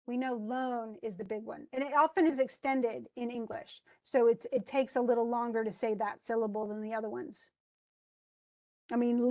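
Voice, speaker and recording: Woman teacher, fairly high voice, chatty one-on-one tutoring, explains by example. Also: mellow. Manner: chatty, explains with spoken examples, laughs easily. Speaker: English instructor.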